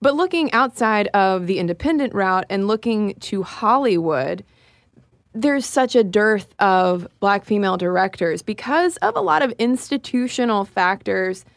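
A woman's voice: mid-range voice, animated, measured pace, no room sound. Chatty woman co-host, casual podcast delivery, dead-dry studio sound. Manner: chatty, laughs while talking.

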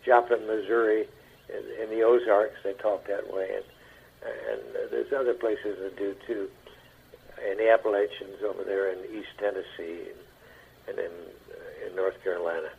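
An older man, an actor, telling stories in an interview in a halting way that repeats words. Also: low voice, level tone, gravelly, slight background noise. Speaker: actor as guest. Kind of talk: anecdotal interview talk. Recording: dull lo-fi radio broadcast.

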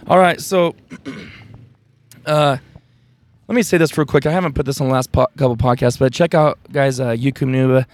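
A man hosting a casual podcast while camping in the mountains, talking in a rambling, relaxed way with lots of fillers. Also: medium pitch, normal speed, long pauses, no echo. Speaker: podcast host.

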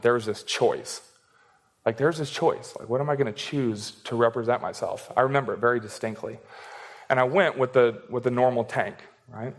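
A young man preaching a sermon in a casual, joking way, laughing as he reads and explains scripture. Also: medium pitch. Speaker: pastor.

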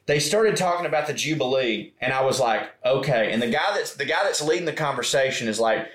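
A man's voice: mid-range voice, animated, fairly quick, a bit bright. Rambling American man in an echoey room. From United States. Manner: rambling, profane, quotes people in voices. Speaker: podcast co-host. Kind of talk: casual storytelling chat. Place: small room in an old pub.

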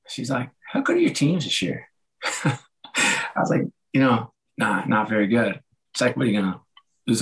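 Middle-aged guy, bit hoarse, chatty storyteller who does everyone's voices, medium pitch. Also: rough recording. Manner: animated, acts out quoted dialogue. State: slightly hoarse. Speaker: guest, author and former sports executive. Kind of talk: casual conversational storytelling.

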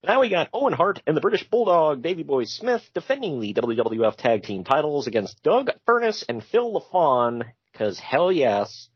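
A man's voice: on the high side, big pitch swings, normal speed, few pauses, breathy edge, no room sound. A man co-hosting a podcast, casually recapping wrestling with jokey asides and frequent laughs. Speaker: podcast co-host. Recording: dull lo-fi sound.

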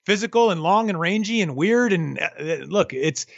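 A high-voiced man chats about fights in a loose, halting way, stacking fillers and false starts and breaking into laughs. The room is dry and close, and the sound is a little dull and lo-fi. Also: animated, gravelly, no echo. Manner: hesitant, many fillers and restarts, laughs easily. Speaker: boxing analyst co-host. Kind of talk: casual sports talk.

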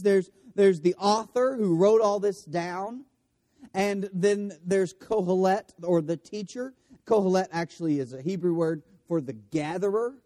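A man's voice: sits high, dark tone. A man preaching a conversational sermon, often correcting himself mid-phrase and dropping in joking asides. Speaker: pastor.

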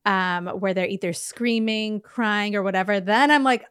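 Woman, podcast co-host, middle pitch, chatty with "like" fillers, dry close sound. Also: fairly even intonation, moderate pace, hardly any pauses, a bit bright, clean tone, dry recording. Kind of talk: casual podcast chat.

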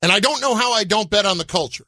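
A man co-hosting a sports talk show, building his case in an animated way. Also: high-pitched, fast, no echo, studio quality. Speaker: sports radio co-host.

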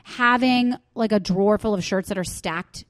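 A woman's voice: medium pitch, moderate pace, no room sound. Chatty self-mocking woman co-host. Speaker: podcast co-host. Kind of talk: casual chat.

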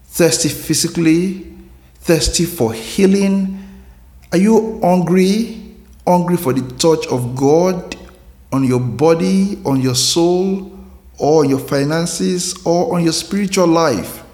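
A man's voice: a little high, takes it slowly. A man hosting a devotional, speaking earnestly and asking repeated questions. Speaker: devotional host. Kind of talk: slow devotional reflection. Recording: roomy reverb with soft music.

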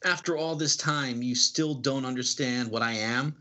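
A man's voice: mid-range voice, normal speed, sharp tone, natural voice. A man voicing a cruel, contemptuous villain who berates his lover, in a comic read-aloud. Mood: scornful.

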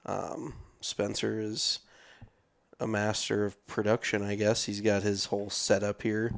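A man's voice: on the low side, level tone, unhurried, vocal fry. A man co-hosting a golf podcast, chatting casually and joking with plenty of fillers from a makeshift studio office. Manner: loose, joking, filler-heavy. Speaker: podcast co-host. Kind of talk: casual chat.

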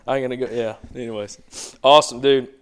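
A man with a Southern US accent, hosting a podcast, upbeat and energetic as he chats and plugs giveaways. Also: mid-range voice, clear, resonant tone. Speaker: podcast host. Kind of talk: casual chat.

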